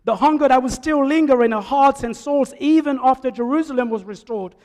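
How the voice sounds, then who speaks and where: A male preacher with a high voice delivers a sermon, swinging between loud calls and quiet asides. His voice carries with a long echo through the church. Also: brisk. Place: church sanctuary. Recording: echoey church hall.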